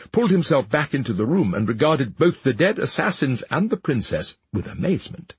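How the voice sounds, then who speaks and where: Very breathy male storyteller. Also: medium pitch, no echo. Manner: expressive, dramatic reading. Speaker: narrator. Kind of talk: storybook narration.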